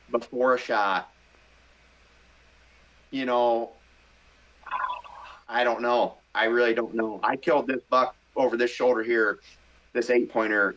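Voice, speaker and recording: A middle-aged man, a podcast guest, telling a story in casual chat, animated and excitable, acting out his own inner voice. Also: medium pitch, muffled recording.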